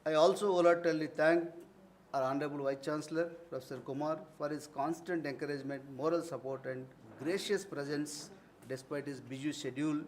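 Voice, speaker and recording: A man's voice: fairly high pitch, fairly quick, slight background noise. A man gives an earnest, formal vote of thanks as conference organizer in a university hall, mixing ceremony with personal anecdotes. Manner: earnest, formal phrasing broken by warm anecdotes.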